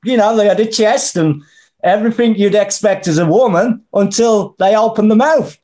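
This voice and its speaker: A middle-aged Brummie from the English Midlands is a guest in a casual interview, blunt and colloquial, calling people "mate" and "brother." His voice is high and mellow, at normal speed.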